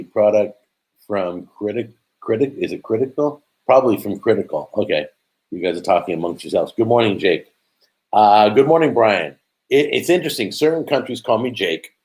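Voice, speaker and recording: Low-voiced middle-aged guy rambling on a live stream, lots of ums, reading chat out loud. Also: low-quality recording. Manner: rambling, chatty, halting with many fillers.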